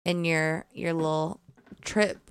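A woman's voice: deep voice, fairly even intonation, slow pace, clean tone. A woman co-hosting a casual podcast, teasing and hedging in a loose way. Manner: teasing, unsure. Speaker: podcast co-host.

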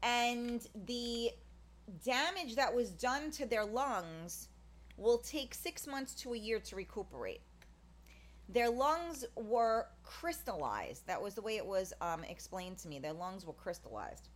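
A woman with a somewhat high, animated voice speaks a little slowly in a casual, rambling monologue. She's candid and blunt, filling her talk with fillers and restarts and swearing in passing.

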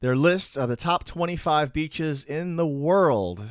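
A man's voice: fairly high pitch, animated, slow, clear, resonant tone, no echo, clean studio sound. A man co-hosting a podcast in casual chat, thinking aloud with fillers. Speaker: podcast co-host.

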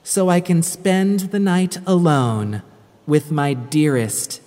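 Very slow woman reading a rhyming tale. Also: sits low, expressive, dark tone. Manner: dramatic, sing-song rhyming delivery. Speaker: storyteller. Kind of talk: rhyming spooky story reading. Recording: long hall-like reverb.

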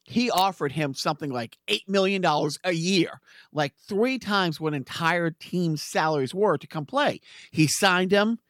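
Rambling, laughing man with a high voice. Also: unhurried, fairly bright tone, no room sound, clean studio sound. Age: 40s. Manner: rambling, laughs often, many restarts. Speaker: podcast co-host. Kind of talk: casual chat.

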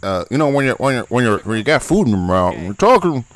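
A man's voice: medium pitch, very animated, quick pace. A man co-hosting a comedic movie commentary, joking and laughing often as he reacts to the film. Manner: giggly, laughs often, jokey. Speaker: co-host riffing on a movie.

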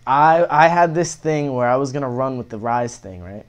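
A man's voice: mid-range voice, lively intonation, moderate pace, smooth. Rambling, slangy young man telling stories. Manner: rambling, slangy, heavy profanity, fillers of "bro" and "like". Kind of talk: casual storytelling chat.

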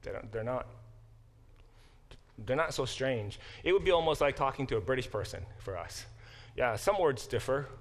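A man's voice: medium pitch, expressive, moderate pace, pauses often. Bible professor, man, middle-aged, easygoing explainer in class. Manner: conversational, explains terms step by step. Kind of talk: classroom lecture.

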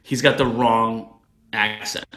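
A man's voice: mid-range voice, steady tone, takes it slowly, pushed and bright, roomy sound. A man co-hosting a casual chat about a film, talking with enthusiasm and frequent restarts. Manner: conversational, hesitant restarts, enthusiastic film talk. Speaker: podcast co-host.

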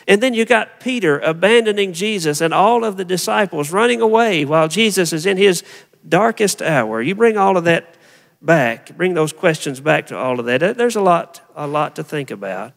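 A man's voice: high voice, expressive, moderate pace, vocal fry, big-room sound. A man preaching a sermon as a pastor, talking to the congregation in an easy, conversational way and often asking them questions.

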